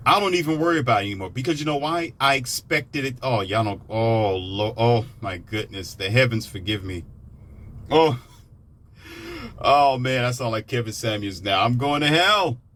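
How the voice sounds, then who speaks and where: A man in a sarcastic, animated ranting monologue, now and then jumping into mocking high-pitched impressions. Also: moderate pace, slight background noise. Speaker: commentator.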